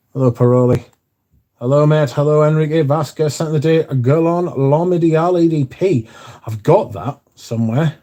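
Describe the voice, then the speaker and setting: This livestream host keeps things casual, reading viewer comments aloud, chatting and cursing without restraint, in a mellow, mid-range voice.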